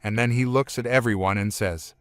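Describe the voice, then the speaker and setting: A man narrating a comic story recap, retelling events one after another with "and then" in a plain, steady way. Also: medium pitch, fairly quick, dry recording.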